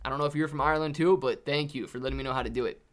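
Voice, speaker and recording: A man's voice: mid-range voice, steady tone, very fast. A man hosting a casual live stream, calling out stock prices and chatting upbeat with viewers by name. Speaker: live-stream host reading viewer chat.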